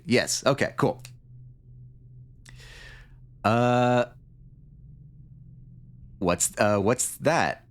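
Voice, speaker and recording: A man's voice: medium pitch, drawn-out words, pauses often. A man livestreaming a story game, reading it aloud and joking along in a rambling, casual way. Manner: joking, rambling, with frequent laughs. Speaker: streamer.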